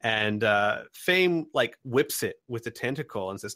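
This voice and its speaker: A man's voice: mid-range voice, lively intonation, unhurried, a bit bright, dry recording, studio quality. A man narrating as game master, describing scenes with many ums and restarts. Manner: rambling narration with many fillers.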